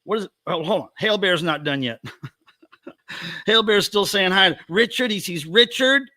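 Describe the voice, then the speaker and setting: A bright, high-pitched man chats playfully on a home livestream, calling out his viewers by name. The sound is dry and close, with no room echo. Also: animated, moderate pace. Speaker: livestream host. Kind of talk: casual livestream chat.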